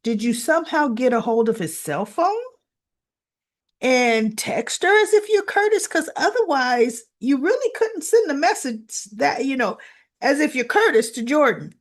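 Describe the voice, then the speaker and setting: A woman hosting a casual soap opera recap, retelling scenes in an animated way and acting out what the characters said. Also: sits high, measured pace.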